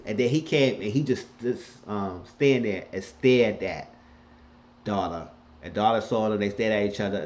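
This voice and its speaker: Low-voiced man rambling through a recap. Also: a little mellow. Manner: rambling, colloquial, retelling scenes. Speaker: TV show recapper. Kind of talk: casual episode recap. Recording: dull lo-fi recording.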